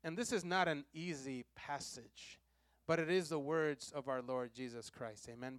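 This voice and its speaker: A man preaching a sermon, leading the congregation in call-and-response and repeating key lines, swinging between loud emphasis and soft, low asides. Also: moderate pace, no echo, studio quality. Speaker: pastor.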